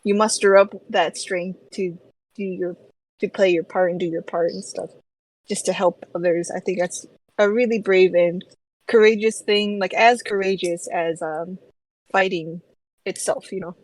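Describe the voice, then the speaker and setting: A woman's voice: lowish voice, fairly even intonation, measured pace, low-quality recording. A woman co-hosting a book podcast, talking casually with lots of "like" and "you know" and frequent laughter. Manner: chatty, many "like"s and "you know"s, laughs often. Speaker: podcast co-host.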